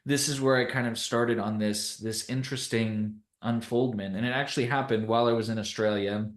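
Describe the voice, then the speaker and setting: A young man from Canada, a podcast guest, telling a personal story in a casual, animated way and laughing often. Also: mid-range voice, a little fast, roomy sound.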